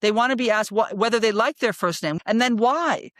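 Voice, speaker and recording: A woman in her sixties, a psychologist guest in an interview, telling stories in an animated, emphatic way and often checking in with "right?". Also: on the high side, brisk, dry recording, studio quality. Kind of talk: storytelling in a conversational interview.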